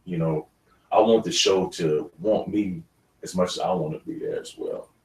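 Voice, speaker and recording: Animated male actor telling stories. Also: low voice, normal speed. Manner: animated storyteller, laughs often. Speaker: actor guest. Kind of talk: casual interview talk. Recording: roomy studio, mic at a distance.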